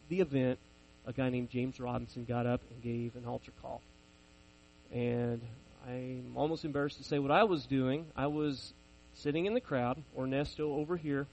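A man's voice: medium pitch, lo-fi sound. A man in his forties preaching a sermon, telling personal stories in a conversational, self-deprecating way.

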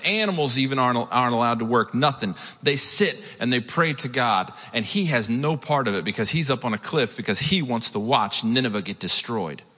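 A man preaching a sermon, telling the story with lively asides and acted-out quotes. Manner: storytelling, acts out quotes with rising pitch. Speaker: pastor. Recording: long hall reverb.

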